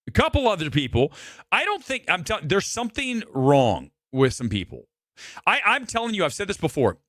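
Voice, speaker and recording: Animated ranting man, slightly hoarse. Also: high-pitched, normal speed, dry recording, clean studio sound. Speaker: movie talk show host. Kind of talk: live show, ranting opinion.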